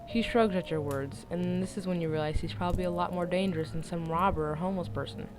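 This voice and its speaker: A woman's voice: fairly low pitch, fast, over music. A young woman casually reading a romance story aloud without editing, stumbling over words and breaking off into jokey asides. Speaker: story reader. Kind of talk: casual read-aloud of fan fiction.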